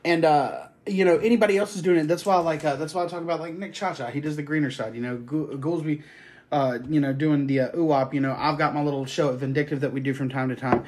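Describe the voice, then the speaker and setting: Male podcast host, slightly high voice, loose profane storyteller. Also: steady tone, fast, a little mellow, a little hiss or hum. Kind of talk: casual chat.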